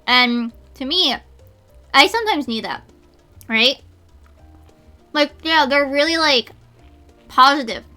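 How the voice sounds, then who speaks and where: Bright, chatty young-sounding woman streamer. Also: high voice, animated, slow, pauses often, soft background music. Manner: rambling with many fillers. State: eating while talking. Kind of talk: casual chat.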